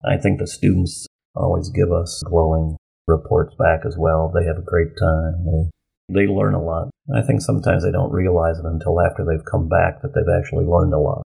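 Low husky guy chatting about teaching his class, repeats himself a bit. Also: level tone, warm tone. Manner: chatty, repeats words, quick asides. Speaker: college instructor co-teaching a course. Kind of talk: casual conversation.

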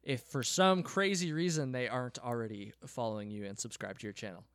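A man's voice: medium pitch, brisk, fairly bright tone, no echo, studio quality. A man hosting a podcast who chats in an easygoing way, laughs along with his guest and wraps up the episode. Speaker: podcast host. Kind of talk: casual interview chat.

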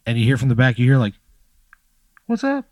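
A man co-hosting a comedy podcast, telling a drawn-out story, swearing freely and laughing along. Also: mid-range voice, flat delivery, no room sound, studio quality. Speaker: podcast co-host.

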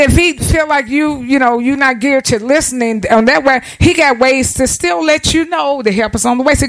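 A woman's voice: high-pitched, low-quality recording. A woman preaches to her congregation in a church. Her delivery is plain-spoken and homey, and she keeps drawing call-and-response from the pews. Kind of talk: sermon.

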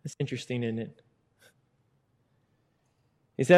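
A middle-aged man preaching a sermon, acting out quoted words and swinging between loud emphasis and hushed asides. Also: fairly high pitch, unhurried. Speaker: pastor. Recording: long hall reverb.

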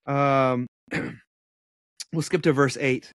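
Animated man teaching the Bible, dry close mic. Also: on the high side, moderate pace, dry recording. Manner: conversational, animated, with blunt asides. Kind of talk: casual preaching and Bible study.

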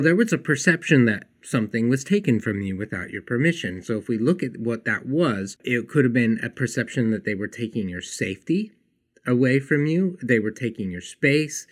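A man's voice: medium pitch, fairly bright tone. A man hosting a self-help podcast, telling a personal story and acting out the people in it, then explaining an idea to his listeners. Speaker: podcast host.

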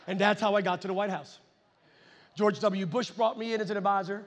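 A middle-aged male preacher telling a story from the pulpit in an animated, chuckling way, with sudden loud outbursts. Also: high-pitched, a little fast, a faint crowd. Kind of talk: storytelling sermon.

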